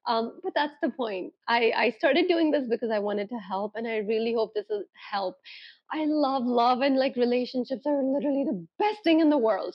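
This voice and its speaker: Young woman, relationship coach, earnest, emphatic, fairly high voice, lo-fi sound. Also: slightly rough. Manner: earnest, emphatic, acts out quoted thoughts. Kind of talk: direct-to-camera advice vlog.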